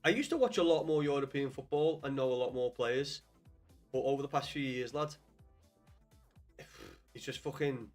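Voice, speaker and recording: A man's voice: mid-range voice, normal speed, pauses often, soft background music. A young man with a Scouse accent chatting casually on a live stream about football, swearing often and calling viewers lad. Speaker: livestream host.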